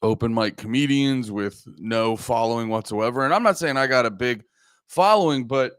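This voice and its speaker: Groggy, rambling podcast host, dry sound. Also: male voice, medium pitch, lively intonation, normal speed, clean tone, dry recording. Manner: rambling, profane, talks to chat. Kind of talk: casual livestream chat.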